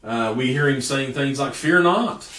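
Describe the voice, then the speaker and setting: A man's voice: medium pitch, a little slow, fairly bright tone. A man preaching a sermon in a folksy storytelling way, stretching out words for emphasis. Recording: echoey room from a distance.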